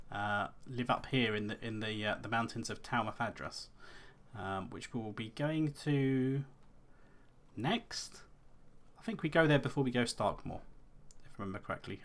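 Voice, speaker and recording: A man's voice: on the low side, expressive, moderate pace, a bit bright. Male let's play host, casual rambling commentary with wry asides. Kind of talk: gameplay commentary.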